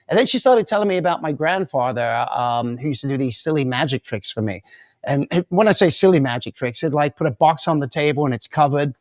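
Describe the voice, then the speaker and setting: A man's voice: on the high side, expressive, a little fast, no echo, clean studio sound. A man as an interview guest, telling rambling stories with many restarts and repeated words. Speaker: guest mentalist. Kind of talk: storytelling interview answers.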